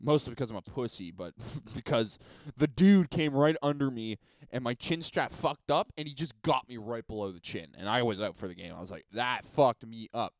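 A man's voice: mid-range voice, animated, brisk, no echo. A young adult man hosting a podcast alone in a basement, telling rambling, profane, self-deprecating stories. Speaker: podcast host. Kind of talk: casual comedic storytelling.

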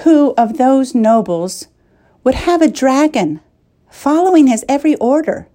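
A woman's voice: high voice, expressive, measured pace, warm tone, voice pushed up. A woman voicing a passionate young princess who speaks pleadingly and emotionally, in a storybook reading.

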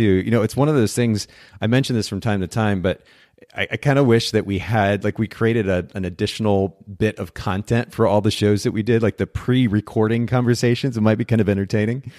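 A man's voice: fairly low pitch, steady tone, a little fast, a little mellow, no echo, clean studio sound. A middle-aged man hosting a podcast interview in a chatty, upbeat way, often restarting his phrases. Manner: upbeat, chatty, self-correcting. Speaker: podcast host.

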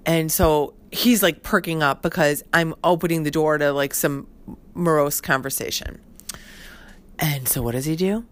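A middle-aged woman with a somewhat low voice tells a personal story in relaxed, casual chat. She rambles and keeps filling gaps with "like" and "you know". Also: moderate pace. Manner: chatty, heavy use of fillers like "like" and "you know". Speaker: podcast host.

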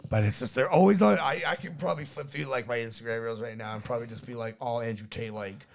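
A man in casual podcast chat, animated and swearing often, mimicking people in jumpy voices. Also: mid-range voice, quick pace, creaky.

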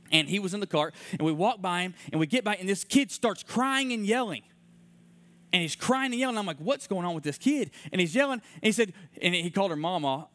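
A man's voice: high-pitched, fairly bright tone, no room sound, clean studio sound. A man in his thirties preaching a conversational sermon in a church room, earnest and repeating his key phrases, telling stories from his own life. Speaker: pastor.

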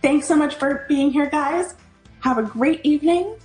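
A woman hosts a live parenting class and chats through viewer comments with plenty of animation. Her voice sits a little high, and the sound is roomy and echoey. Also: moderate pace, a little mellow, soft background music. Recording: echoey room.

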